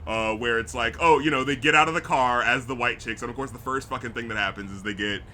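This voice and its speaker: Bright-voiced man hosting a podcast. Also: mid-range voice, fast talker, slight background noise. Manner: loose and profane, many fillers, mimics film lines. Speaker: podcast host. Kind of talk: casual film review chat.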